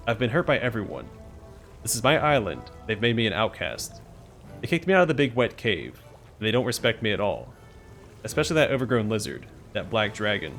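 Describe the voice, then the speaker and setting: A man's voice: mid-range voice, a bit bright. A man voicing a petulant female fecal demon queen who whines and boasts like a spoiled princess. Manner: whining, smug, self-pitying.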